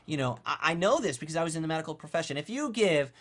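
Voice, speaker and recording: A man coaching on online marketing in a casual, blunt monologue, animated and conversational, with offhand swearing. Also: a little high, racing.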